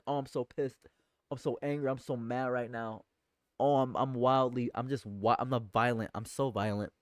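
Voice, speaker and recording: A man reacts to the news on a live stream, his smooth voice recorded close and dry. He swings from high-pitched yelling to low muttering, often stammering and repeating the same phrase. His delivery stays loose and unscripted. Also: dry recording. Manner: exasperated, swings from shouting outrage to muttering. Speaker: political commentary streamer. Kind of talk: live-stream commentary, reading news aloud.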